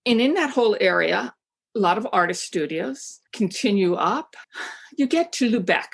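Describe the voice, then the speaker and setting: A woman's voice: medium pitch, animated, moderate pace, vocal fry, husky. A woman from Maine, a travel guidebook writer, chatting enthusiastically as an interview guest, with frequent fillers and restarts. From Maine, USA. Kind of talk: casual interview chat.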